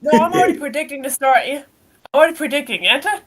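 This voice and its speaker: A woman chatting eagerly with friends, insisting on her turn. Her voice is high. Crowd noise carries behind her. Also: animated, racing. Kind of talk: casual chat.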